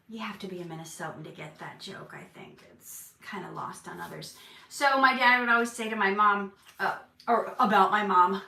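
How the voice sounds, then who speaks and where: Woman, thirties, live-stream host, chatty and jokey, bright voice in a roomy room, mic a bit far off. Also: medium pitch, unhurried. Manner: chatty, reads out viewer comments, jokey.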